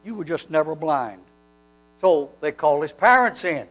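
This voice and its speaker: Guy preaching a sermon, bouncy lively pitch, acts out the voices in the story. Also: a little slow, poor audio. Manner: animated storytelling, acting out quoted dialogue.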